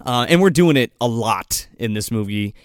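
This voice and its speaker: A man's voice: mid-range voice, normal speed, no room sound, studio quality. A man in casual podcast chat, recapping a movie scene by scene with lots of swearing and mock quotes. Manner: profane, animated scene recaps with acted quotes. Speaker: podcast co-host.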